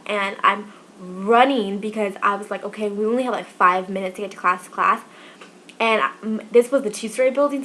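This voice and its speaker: A woman of twenty-one telling personal stories in a chatty, animated vlog, acting out quoted dialogue as she goes. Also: medium pitch, slight background noise. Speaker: vlogger. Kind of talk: casual storytelling vlog.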